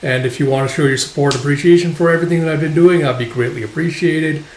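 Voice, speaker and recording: A man's voice: a little high, fast, darkish tone, echoey room, a little hiss or hum, low-quality recording. A man hosting a manga review video, chatting casually with lots of fillers. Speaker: manga review channel host.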